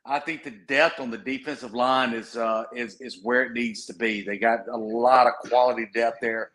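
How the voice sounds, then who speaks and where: Bright-voiced man breaking down football. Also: medium pitch, normal speed. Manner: steady, methodical breakdown of players. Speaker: radio sports guest. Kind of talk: casual sports analysis.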